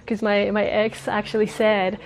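A woman's voice: medium pitch, monotone, moderate pace, a little hiss or hum. Earnest woman in her thirties with a slight lisp. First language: Spanish. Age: 30s. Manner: earnest, rambling, laughs often. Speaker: spiritual vlogger. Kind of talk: casual personal talk. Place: outdoors near a road. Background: passing cars.

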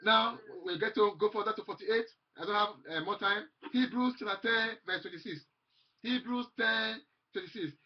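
A man's voice: high-pitched, normal speed, breathy edge, lo-fi sound. A man preaching a fervent sermon, repeating phrases and quoting scripture aloud.

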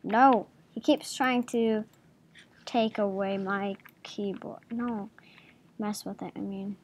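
Woman, gaming host, slow, giggly, playful gameplay commentary, talks to game creatures. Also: medium pitch, fairly even intonation, darkish tone.

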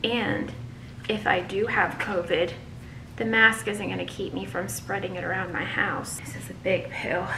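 A woman recording a casual personal vlog at home while she is sick, with a runny nose and a sore chest. She talks softly and often drops to a whisper. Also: mid-range voice, flat delivery, moderate pace, creaky, noisy background. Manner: soft-spoken, often dropping to a whisper. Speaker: vlogger. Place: at home, indoors.

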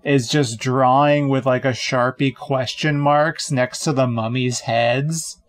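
A man co-hosting a podcast, musing about a film in casual chat, rambling with plenty of pauses and fillers. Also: mid-range voice, fairly even intonation. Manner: rambling, hesitant, full of ums and likes. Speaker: podcast co-host.

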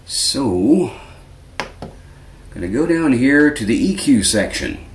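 A man's voice: medium pitch, big pitch swings, slow pace, echoey room, a little hiss or hum. A man hosting a casual guitar amp tutorial, chatty and self-correcting with dry little asides. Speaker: guitar lesson host.

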